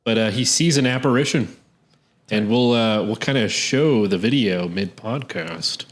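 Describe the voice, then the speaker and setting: Low-voiced man in casual podcast chat. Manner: relaxed, halting with fillers and restarts. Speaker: podcast co-host.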